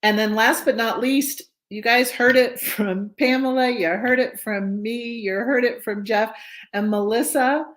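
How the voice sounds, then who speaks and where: A woman's voice: on the high side, a little slow, fairly bright tone. A woman hosting a virtual book club on a video call, chatty and now and then tongue-tied. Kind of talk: casual video-call chat.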